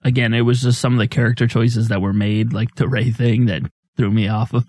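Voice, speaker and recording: A man co-hosting a podcast, chatting casually with a relaxed, teasing manner. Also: mid-range voice, fairly quick. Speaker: podcast co-host. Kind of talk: casual chat.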